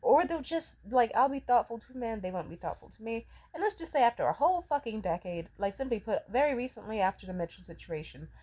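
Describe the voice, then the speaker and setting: A woman's voice: fairly high pitch, animated, fast, few pauses, dark tone. Profane ranting young woman venting. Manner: profane, rambling, emotionally charged. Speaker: vlogger. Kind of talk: ranting personal vent.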